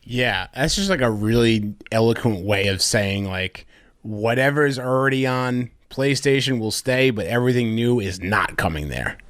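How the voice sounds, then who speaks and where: Male podcast guest, relaxed chatty delivery, dry close mic. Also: mid-range voice, moderate pace, no echo. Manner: easygoing, laughs often, casual phrasing. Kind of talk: casual gaming podcast chat.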